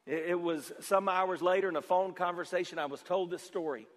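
A man's voice: high-pitched, brisk. Preaching man in a reverberant hall. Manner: storytelling with acted-out dialogue, swinging from loud to quiet. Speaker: pastor. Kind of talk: sermon.

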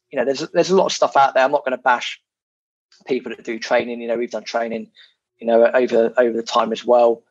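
Husky man talking property, frank and casual. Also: medium pitch, no echo, lo-fi sound. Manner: frank and self-deprecating, many fillers. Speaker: property investor guest. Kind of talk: casual podcast chat.

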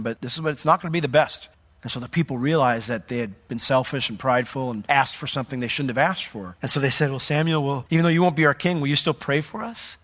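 A man preaching a sermon as pastor, animated and acting out the voices he quotes. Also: fairly high pitch, in a large hall. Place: church sanctuary.

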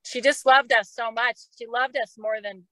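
A woman's voice: fairly high pitch, steady tone, normal speed, a bit bright, no echo, rough recording. A middle-aged woman, a podcast guest, telling a personal story in a casual, emotional way and often repeating words. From Oklahoma.

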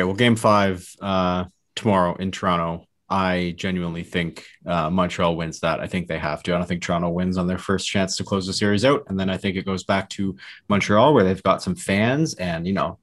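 A man hosting a casual sports discussion, relaxed and steering the talk with many "uh" fillers. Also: deep voice. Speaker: host.

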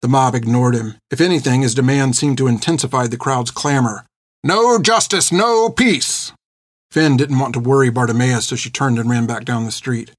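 A man narrates a story in a steady, measured voice at an ordinary middle pitch. He is recorded on a close studio mic. The sound is dry, with no room around it. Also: no room sound. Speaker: audiobook narrator. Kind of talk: scripted narration.

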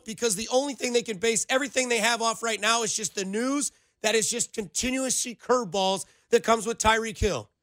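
A young man hosting a sports radio show in a studio, talking in an animated, rambling way full of playful comparisons. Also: very high voice, no echo. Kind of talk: casual sports radio banter.

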